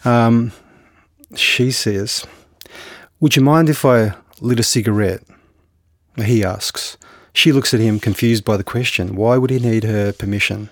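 A man's voice: fairly low pitch, dry recording, clean studio sound. A man, a novelist, talking hesitantly in an interview with many restarts, then reading from his book. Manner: hesitant, halting with restarts and fillers. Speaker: novelist guest.

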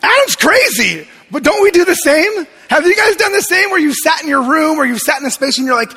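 A man preaching a sermon, animated and often checking in with the room by asking "right?" while acting out quoted lines. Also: extremely high pitch, moderate pace, long reverb tail. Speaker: pastor.

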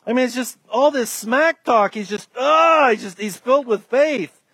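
A man's voice: extremely high pitch, moderate pace, fairly bright tone, husky, no room sound. A man preaching a sermon as a pastor, emphatic and repeating his key phrases.

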